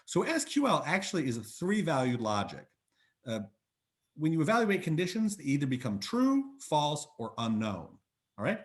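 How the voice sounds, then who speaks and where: Over a video call picked up by a computer mic, a man gives a university lecture in a chatty way, thinking aloud with many fillers and restarts. His voice is a little high and sing-song, at a moderate pace.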